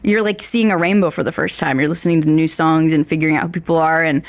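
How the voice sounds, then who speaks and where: A woman's voice: deep voice, fairly even intonation, quick pace, no room sound. A woman in her twenties from Pennsylvania with a slight Pennsylvania accent, chatting as a guest in an interview in a record store and laughing often. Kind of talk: casual interview chat.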